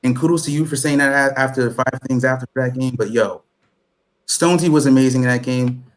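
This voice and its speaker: Brief: man in his 20s, mid-pitched, eager casual fan talk with many fillers. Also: rough recording. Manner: enthusiastic, fast-talking, swears, lots of "like". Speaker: guest fan. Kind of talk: casual chat.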